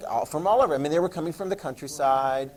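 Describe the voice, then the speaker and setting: A man teaching a history class, quizzing students with questions and joking asides in an animated lecture. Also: fairly high pitch, quick pace, poor audio.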